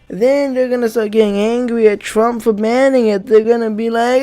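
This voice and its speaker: A man's voice: very high voice, steady tone, moderate pace, few pauses, mellow. A young man giving a comedic rant commentary, swearing and sarcastic throughout. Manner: profane, sarcastic ranting. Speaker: YouTuber.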